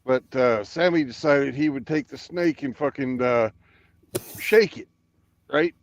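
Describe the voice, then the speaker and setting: A man's voice: medium pitch, a little slow. A man in casual chat from his truck's sleeper bunk, laid-back and swearing freely, over lo-fi call audio. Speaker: truck driver on a livestream call.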